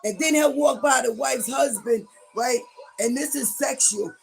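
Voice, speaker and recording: A middle-aged woman gossiping on a livestream in a rambling way, now and then breaking into loud outbursts. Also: high voice, measured pace, vocal fry, soft background music.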